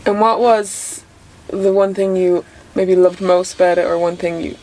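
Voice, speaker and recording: High-voiced male interviewer. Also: little pitch movement, unhurried, a little mellow, low-quality recording. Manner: short back-channel replies and questions. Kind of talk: casual interview.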